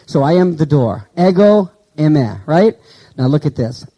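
A man preaching a sermon in a conversational way, asking his listeners questions and slowly reading out Greek words. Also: fairly high pitch, mellow, poor audio. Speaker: pastor.

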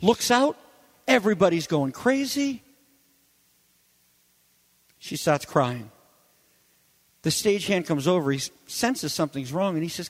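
Male pastor, high voice, emphatic storytelling sermon, big reverberant room. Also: lively intonation, a little slow, long pauses. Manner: emphatic storytelling preaching, swells then drops to quiet. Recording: long hall reverb.

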